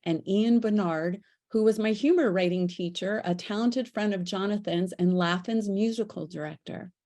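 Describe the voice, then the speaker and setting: A woman's voice: mid-range voice, a little mellow. An older woman, once a radio host, reading her personal story aloud on stage with a delighted, upbeat tone.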